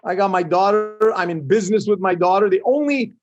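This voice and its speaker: High-voiced, emphatic middle-aged man. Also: fairly quick, lo-fi sound, soft background music. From Canada. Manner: emphatic, animated, seeks agreement with "right?". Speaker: guest entrepreneur. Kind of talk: interview conversation.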